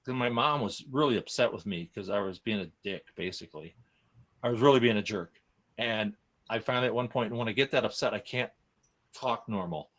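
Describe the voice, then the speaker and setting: A man's voice: mid-range voice, a bit bright. A man openly recounting a hard personal experience in casual conversation, emotional and frank, often restarting his sentences. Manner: emotional, open, frequent restarts and self-corrections. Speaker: guest sharing a personal story. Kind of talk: candid personal storytelling in casual chat.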